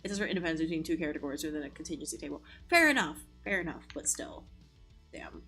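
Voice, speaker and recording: A woman streamer chats and studies at once, her voice a little low and husky. She swears freely and bursts into excited, filler-heavy talk, with soft music faintly in the background. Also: quick pace. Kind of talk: casual chat while studying.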